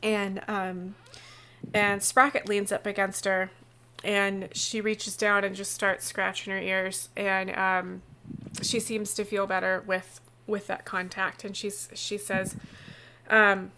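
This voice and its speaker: A woman's voice: medium pitch, flat delivery, slow, bright, forceful tone, slight background noise. A woman narrating a tabletop game as game master, rambling with many fillers.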